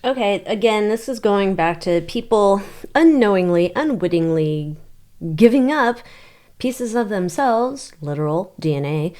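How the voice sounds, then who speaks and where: A woman's voice: medium pitch, animated, unhurried, mellow. A woman reading tarot cards on her channel, thinking aloud in a loose, chatty way and swearing now and then. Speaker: tarot reader. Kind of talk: casual tarot reading monologue.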